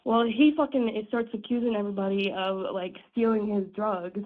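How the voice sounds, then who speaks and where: A woman's voice: mid-range voice, steady tone, brisk. A woman caller who is sick, telling a story bluntly, swearing and laughing along the way. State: sick, strained voice. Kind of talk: phone-in storytelling. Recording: tinny phone line.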